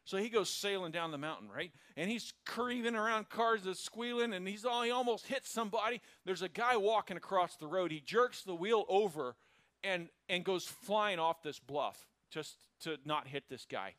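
A man preaching a sermon as pastor, telling stories with lively acted-out dialogue. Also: high voice, normal speed, no echo, studio quality. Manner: animated storytelling, acts out quoted characters.

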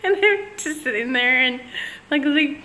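High-voiced giggly woman telling a story. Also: lively intonation, brisk, sharp tone. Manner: giggly, laughs through the story. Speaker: vlogger. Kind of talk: casual anecdote telling.

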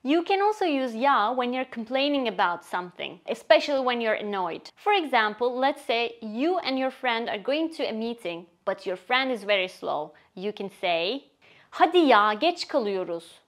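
A woman teaching a language lesson in a scripted, expressive way, acting out short example phrases. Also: a little high, moderate pace, few pauses. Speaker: Turkish teacher.

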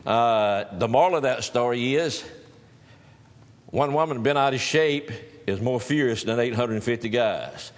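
A man's voice: mid-range voice, a little slow, in a large hall. A male pastor preaching a sermon in a folksy storytelling manner, with teasing humor.

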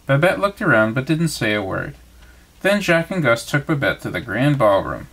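Dad, man, bedtime story reading, expressive, lively pitch, medium voice. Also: moderate pace. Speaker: father reading bedtime stories.

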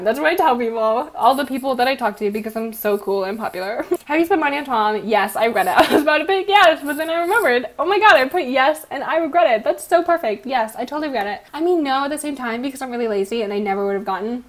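A woman's voice: sits high, animated, fairly quick. A young woman chatting casually in a vlog, rambling, swearing freely and laughing often. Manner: giggly, rambling and profane, with frequent laughs. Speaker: YouTuber.

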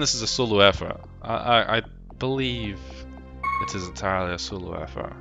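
This streamer's deep, creaky voice carries a London accent and moves at normal speed, captured in lo-fi sound. He jokes and rambles over game music, swears casually and reads out his chat.

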